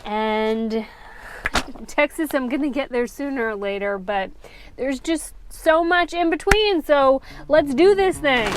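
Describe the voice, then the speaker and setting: Breezy woman vlogger, slightly high voice, casual narration with soft music behind. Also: slow. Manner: chatty, breezy, casually swears. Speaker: travel vlogger. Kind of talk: casual travel vlog narration.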